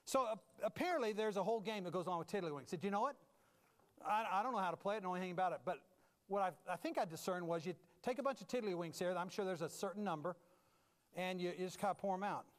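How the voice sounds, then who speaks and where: A man preaching a humorous sermon as a pastor, animated and self-mocking, moving from loud bursts to low asides. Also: fast talker, in a large hall.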